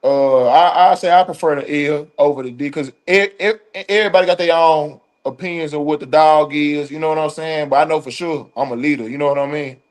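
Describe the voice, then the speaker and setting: Young Southern male athlete, easygoing interview guest, voice sits a bit high. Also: fairly quick, hardly any pauses. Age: young adult. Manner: relaxed, says "you know what I'm saying" constantly. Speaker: college football linebacker guest. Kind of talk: casual interview.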